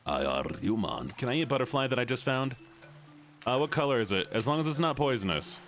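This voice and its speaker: A goofy, playful man chats with his stream audience while he plays, his pitch bouncing all over. He leans into a put-on southern drawl and drops into deep joke voices, with soft game music under him. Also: animated, fast talker. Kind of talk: casual chat with a live stream audience while gaming.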